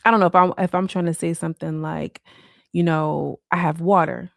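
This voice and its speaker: Woman, low gravelly voice, dry close sound, casual live-stream chat from home, rambling with lots of fillers. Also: fairly even intonation, a little fast, no echo. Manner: rambling, loose, full of "like" fillers. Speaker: livestreamer.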